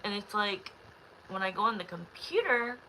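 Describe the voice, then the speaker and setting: A woman reads tarot on a casual live stream, talking straight to her chat in a loose, rambling way. Her voice is bright and a little tense, and she sounds frustrated and near tears. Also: medium pitch, expressive, moderate pace, slight background noise, low-quality recording.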